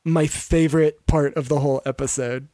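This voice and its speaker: A podcast co-host chatting casually about a TV episode, animated and swearing freely while retelling favorite scenes. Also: medium pitch, normal speed, no echo, clean studio sound. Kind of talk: casual chat, recapping a TV episode.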